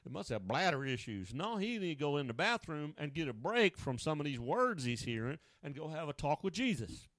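A man's voice: on the high side, sing-song, a little fast, hardly any pauses, a bit bright, dry recording. A male pastor preaching a down-home radio sermon, telling stories in casual, colloquial speech. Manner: down-home storytelling, colloquial grammar.

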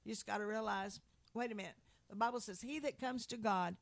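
Gravelly earnest lay preacher. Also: medium pitch, moderate pace, no echo. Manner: earnest, repeats and restarts words, quotes scripture. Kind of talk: informal preaching.

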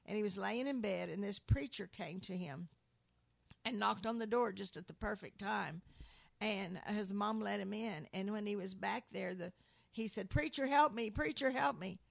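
Informal preacher, gravelly voice, earnest, repeats words, dry close sound. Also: mid-range voice, normal speed, no echo. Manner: earnest, repeats and restarts words, quotes scripture.

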